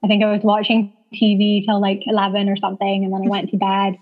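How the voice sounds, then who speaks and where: A woman's voice: mid-range voice, completely flat delivery, fast talker. A woman in her thirties telling a personal story as an interview guest, chatty, using lots of "like" fillers and laughing often. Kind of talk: casual storytelling. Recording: dull lo-fi sound.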